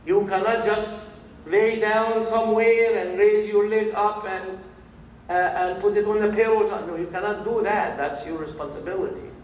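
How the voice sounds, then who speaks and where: Man, religious teacher, slow deliberate repeated phrases, far from the mic, echoey mosque hall. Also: high voice, flat delivery, a little hiss or hum. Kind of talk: instructional Q&A talk. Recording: roomy distant dull recording.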